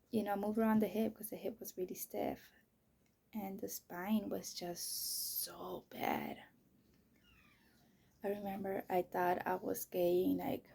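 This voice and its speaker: A woman's voice: medium pitch, vocal fry, warm tone, a little hiss or hum. A woman in her thirties telling her own story in a candid, casual way, swearing freely and filling her talk with "you know" and "like.". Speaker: vlogger.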